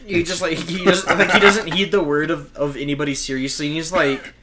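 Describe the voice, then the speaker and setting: A man co-hosting a comedy podcast, chatting casually and slipping into quick character impressions. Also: a little high, fairly even intonation, crowd noise. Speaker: podcast co-host.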